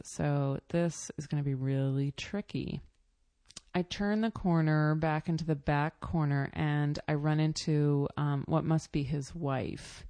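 A woman with a low, gravelly voice recounting a personal story in a loose, halting way. Her tone is dark and mellow, and the recording is close and dry. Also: dry recording. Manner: rambling, halting, many fillers and self-corrections. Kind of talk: casual spoken storytelling.

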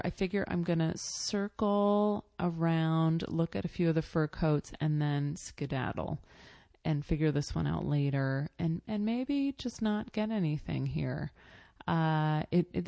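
Low, gravelly woman telling a story. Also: warm tone, no echo. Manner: rambling, halting, many fillers and self-corrections. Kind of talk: casual spoken storytelling.

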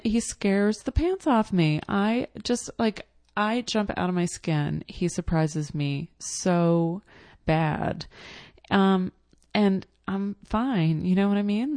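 A woman's voice: medium pitch, animated, slow pace, a little mellow, no room sound. A woman telling a casual personal anecdote in a chatty way, full of fillers and blunt asides.

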